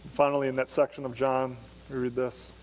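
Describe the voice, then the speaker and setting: A male pastor preaching a Sunday morning sermon, earnest and emphatic, slowing down to stress key phrases. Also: medium pitch, flat delivery, a little hiss or hum. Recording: long church reverb.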